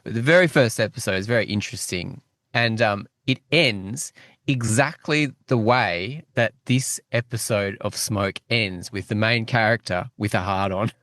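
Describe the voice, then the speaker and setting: A man's voice: lowish voice, moderate pace, a bit bright, dry recording, clean studio sound. A man co-hosting a podcast, chatting casually about a TV episode and gushing with enthusiasm. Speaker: podcast co-host. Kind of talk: casual chat reviewing a TV episode.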